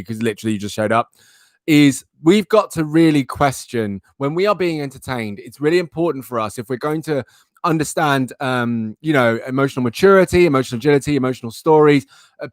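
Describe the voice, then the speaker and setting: A man's voice: mid-range voice, no echo, clean studio sound. A young man hosting a live stream, chatting animatedly with his viewers. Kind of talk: casual live-stream chat.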